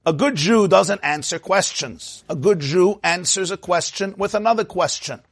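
A man giving a Torah lecture, telling a Talmudic story with animated storytelling and Hebrew and Yiddish phrases. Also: sits high, moderate pace, breathy edge, no room sound. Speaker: rabbi teaching.

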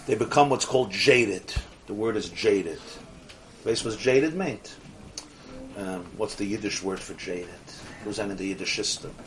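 A man's voice: on the low side, expressive, unhurried, a little hiss or hum. A man teaching a religious study class as a rabbi, emphatic, repeating key phrases and putting questions to his listeners.

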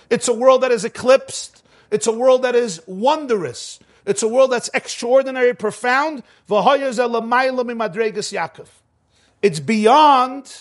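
A man teaching a Torah class. He reads the source text fast, translates it, then explains it with slow, emphatic phrasing and an occasional chuckle. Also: high-pitched.

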